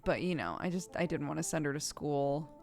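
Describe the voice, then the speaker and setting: A woman's voice: low-pitched, expressive, a little fast, darkish tone, faint music behind. A woman streamer chatting casually, telling stories in a rambling, chatty way. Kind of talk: casual chat while gaming.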